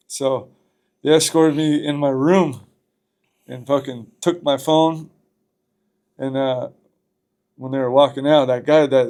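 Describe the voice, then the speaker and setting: A man, a podcast guest, telling a story from his past in a loose, profane, casual way. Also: fairly high pitch.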